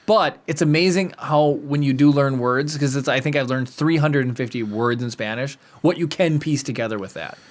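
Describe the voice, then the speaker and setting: A man's voice: mid-range voice, moderate pace, few pauses. An American man co-hosting a podcast in casual chat, enthusiastic and rambling, with lots of fillers and restarts. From United States. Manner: enthusiastic, reads out Spanish lessons with frequent fillers. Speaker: podcast co-host.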